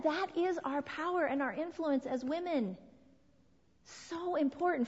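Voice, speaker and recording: A woman in her forties giving an earnest, emphatic sermon to a women's group, slowing down to stress key words. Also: high-pitched, expressive, a little mellow. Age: 40s. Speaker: women's ministry speaker. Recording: dull sound with long hall reverb.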